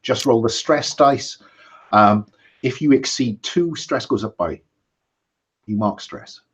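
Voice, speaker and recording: A man narrating a tabletop game as game master, measured and pausing on frequent ums. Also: mid-range voice, slightly rough.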